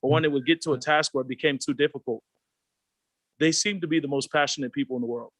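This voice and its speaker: A man's voice: a little high, fairly even intonation, fast talker, a bit bright, no room sound. A man from the Pacific Islands, a panel guest who talks in a reflective, earnest way over a video call. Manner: reflective, earnest, acts out quoted voices. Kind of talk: candid panel discussion.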